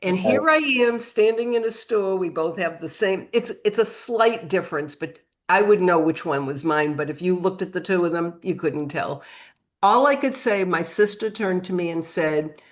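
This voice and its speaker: A middle-aged woman with a New England accent, a guest on a panel, tells a lively anecdote and acts out the voices of the people in it. Her voice is fairly low and her pace moderate.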